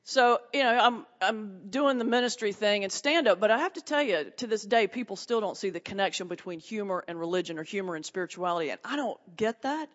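A woman's voice: medium pitch, lively intonation, fairly quick, hardly any pauses. Woman pastor doing stand-up in a hall. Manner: folksy Southern humor, punchy delivery with laughs. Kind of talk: stand-up comedy set. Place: large hall before a live audience. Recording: distant echoey hall, muffled.

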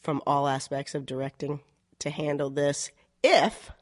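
A middle-aged woman, a community theater director, telling stories in a relaxed interview and acting out the quotes with laughs. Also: deep voice, measured pace, no room sound, clean studio sound. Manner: animated, laughing storyteller who acts out quotes. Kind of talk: casual interview storytelling.

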